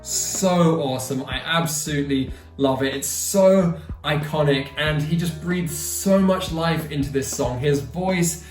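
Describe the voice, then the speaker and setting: A YouTube music channel host delivers a casual opinion vlog in a slightly high voice, talking a little slowly. He's enthusiastic and chatty with playful asides, and the recording has a roomy echo, a distant mic, and faint music underneath.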